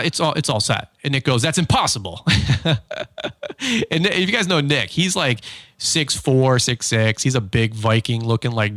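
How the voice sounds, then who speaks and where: A man hosts a podcast in an easygoing spoken monologue, his voice sitting in a middle range. He tells stories with energy and slips into lively quoted voices, with plenty of fillers and restarts. The sound is dry and close, with no room around it. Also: mid-range voice, no echo. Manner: animated storytelling, acts out quotes. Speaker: podcast host. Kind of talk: casual monologue.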